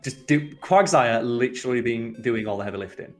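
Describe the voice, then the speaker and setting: Let's play co-host: man, middle pitch, sweary exasperated banter, faint game music underneath. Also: brisk. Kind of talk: casual gameplay commentary.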